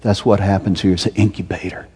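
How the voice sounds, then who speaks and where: A male pastor delivering an impassioned sermon in a warm, mellow voice pitched a little low. He climbs to loud, emphatic peaks, then sinks to a soft, close tone. His voice rings with the long reverb of a large hall. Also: level tone, quick pace, slightly rough.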